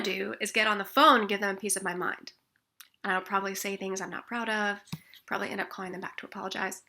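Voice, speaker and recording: Woman, bright tone, expressive wellness teacher, slips into soft near-whispers. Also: medium pitch, fast. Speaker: tapping practitioner. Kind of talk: instructional explanation with demonstrations.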